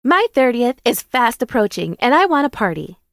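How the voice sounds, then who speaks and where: A woman voicing an excited young woman friend who is planning a party, in a bubbly, eager way. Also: on the high side, normal speed, dry recording, studio quality, voice pushed up.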